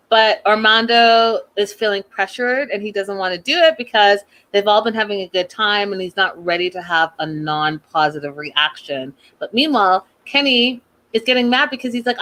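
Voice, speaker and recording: A woman hosting a casual recap of a reality show, chatty and animated, slipping into exasperated rants. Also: mid-range voice, moderate pace.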